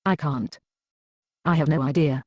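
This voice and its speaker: A woman's voice: low voice, steady tone, measured pace, a little mellow, no echo, studio quality. A woman acting as an upset single woman who answers defensively and evasively in an amateur Bible drama.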